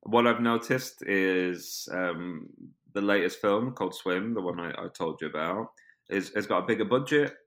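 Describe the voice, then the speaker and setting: British man in his 30s, deep and bright, rambling animated interview guest. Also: moderate pace. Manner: rambling, many "like" fillers, animated storytelling. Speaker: guest actor and filmmaker. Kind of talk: casual interview chat.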